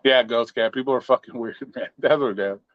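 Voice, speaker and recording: A man's voice: medium pitch, a little fast, dry recording. A man hosting a casual live-stream chat, joking and swearing in a laid-back way. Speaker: show host. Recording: dry, dull lo-fi sound.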